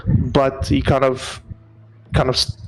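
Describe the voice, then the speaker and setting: Flat-voiced man playing his character. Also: medium pitch, slow, slight background noise, low-quality recording. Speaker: player. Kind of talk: tabletop role-play.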